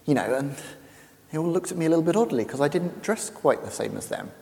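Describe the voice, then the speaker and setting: A man's voice: a little high, lively intonation, fast talker, vocal fry, darkish tone, in a large hall. An English man giving a chatty, self-deprecating talk to an audience, often restarting his sentences. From England. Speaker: speaker. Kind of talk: casual presentation to an audience.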